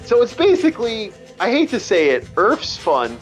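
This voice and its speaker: Let's play host, man, higher voice, rambling and swearing, faint game music under him. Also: huge pitch swings, moderate pace. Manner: rambling, profane, stumbling restarts. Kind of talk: casual chat over gameplay.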